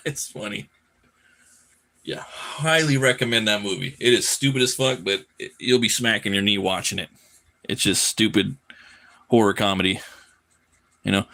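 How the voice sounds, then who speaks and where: A man with a lowish voice talks casually through a live drawing stream. He rambles freely, swears easily and stumbles over repeated words. The delivery is loose and unscripted. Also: bright, forceful tone. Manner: loose, profane, rambling with frequent word repeats. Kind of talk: casual chat while drawing.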